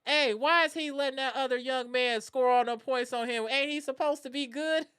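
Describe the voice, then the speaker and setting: Brief: streamer voicing a puzzled mother questioning the game, crisp and bright. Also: sits high, steady tone, normal speed, voice pushed up. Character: performer's mother, puzzled, watching basketball.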